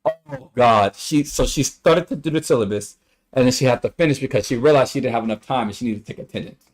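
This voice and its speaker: A young man on a casual livestream, rambling through a story and acting out the quotes in high voices. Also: fast. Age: young adult.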